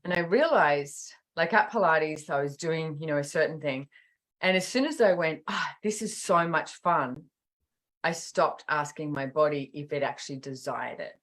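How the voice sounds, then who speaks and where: A woman's voice: sits low, moderate pace. A middle-aged woman, chatting casually as a podcast host and acting out quotes as she tells stories. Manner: animated storytelling with acted-out quotes. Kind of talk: casual chat.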